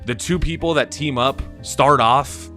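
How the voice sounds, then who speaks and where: A man hosting a live stream, talking in a casual, animated way. He laughs often and repeats and restarts his words. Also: mid-range voice, a little slow, faint music behind.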